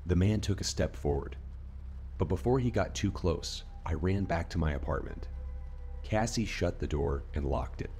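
Deep-voiced man narrating a horror story. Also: normal speed, a little mellow, slight background noise. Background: faint rain ambience.

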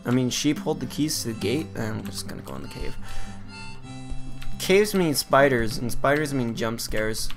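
Over background game music, a man jokes and plays around while recording let's play commentary on a video game. His mid-range voice has lively intonation and some vocal fry, and he talks at a normal speed.

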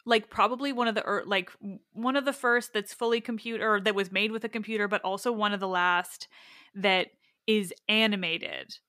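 A woman's voice: mid-range voice, fairly even intonation, moderate pace, sharp tone, no room sound, studio quality. A woman in her thirties hosting a podcast, chatting casually and ranting with enthusiasm, sometimes swearing. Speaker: podcast host.

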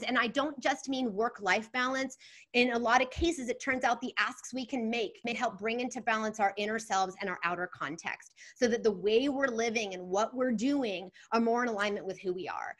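A woman leading an online workshop, energetic and often restarting her phrases as she speaks to the group and answers the chat. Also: a little high. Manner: energetic, self-correcting, talks to a live chat. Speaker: workshop facilitator.

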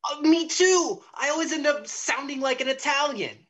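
A woman's voice: high-pitched, moderate pace, a bit bright. A woman playing an eager, affectionate young nephew in an amateur online play. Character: warm-hearted young male nephew, eager.

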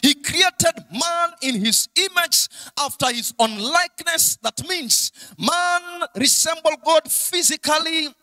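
A man's voice: very high-pitched, animated, slow, few pauses, pushed and bright, low-quality recording. A young man with a Kenyan accent preaching a sermon in a sing-song, emphatic way, repeating his key lines. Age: young adult.

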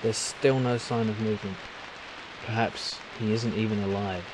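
A man commentating a game, reading its text aloud with relaxed asides. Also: lowish voice, moderate pace, background noise. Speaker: gameplay commentator.

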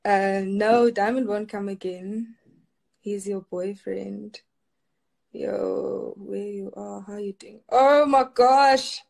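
A woman's voice: medium pitch, level tone, takes it slowly, creaky, dark tone. A young woman from Kenya chatting casually on a live stream, reading viewers' comments aloud and laughing often.

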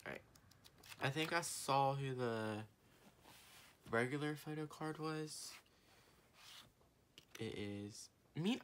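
A woman's voice: slow pace, pauses often. A young woman chatting her way through an unboxing haul vlog, rambling with fillers and restarts and gushing like an eager fan. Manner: gushing fan, swings from low murmuring to excited squeals. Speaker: vlogger.

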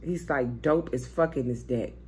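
A woman's voice: a bass voice, moderate pace, darkish tone, slight background noise. A young woman doing a casual, chatty tarot reading, swearing freely and thinking aloud as she turns cards. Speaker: tarot reader.

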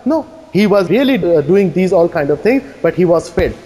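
A man giving a fast, insistent debate rebuttal, firing challenging questions at his opponent. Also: sits high, big pitch swings, dark tone. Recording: echoey hall reverb.

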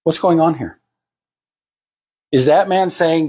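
A man's voice: on the high side, takes it slowly, mellow, breathy edge. A man preaching to a congregation, acting out the voices of the people he quotes. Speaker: pastor. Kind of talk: sermon.

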